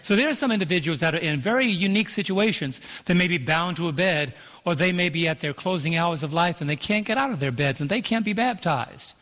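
A pastor preaching a sermon in an auditorium, calling out to the congregation and drawing out key phrases. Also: male voice, on the high side, a bit bright. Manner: preaching with call-and-response and slowed emphasis. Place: large auditorium. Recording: long hall reverb.

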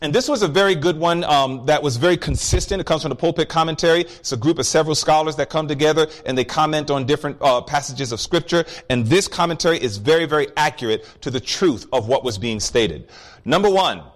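A man's voice: fairly high pitch, fast. A man preaching a sermon, breaking down a psalm and telling stories, asking the congregation questions. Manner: animated storytelling, addressing the congregation with questions.

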